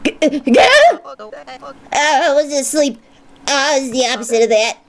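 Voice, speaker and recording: A woman's voice: high-pitched, sing-song, unhurried, slight background noise. A woman voicing a sleepy, rambling gatekeeper from a video game who keeps losing her words. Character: drowsy gatekeeper who raises a heavy gate.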